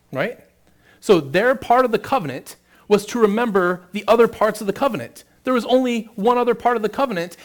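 A man preaching a sermon, reading scripture aloud and then explaining it with rising emphasis. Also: high voice. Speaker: pastor.

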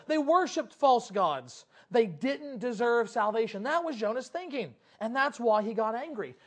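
A preacher giving a sermon, retelling scripture in an animated, conversational way with rhetorical questions and asides to the congregation. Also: medium pitch.

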